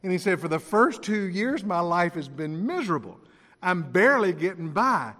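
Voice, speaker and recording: A man's voice: high voice, sing-song, normal speed, a bit bright, long reverb tail. A man preaching a sermon, telling stories with acted-out dialogue and chuckling along the way.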